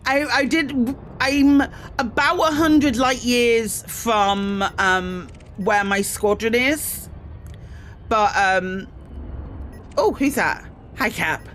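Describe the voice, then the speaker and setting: A woman's voice: fairly high pitch, extremely slow, a bit bright, soft background music. A woman streaming a space game, chatting casually with her viewers, greeting them in bursts, with frequent ums and self-mocking asides. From Britain. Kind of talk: casual live-stream chat.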